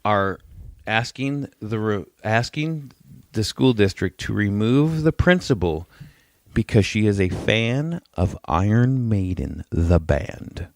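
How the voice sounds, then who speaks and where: A man's voice: fairly low pitch, animated, takes it slowly, no room sound. A man co-hosting a casual podcast, telling stories bluntly and cursing freely. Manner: profane, blunt storytelling. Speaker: podcast co-host. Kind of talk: casual chat.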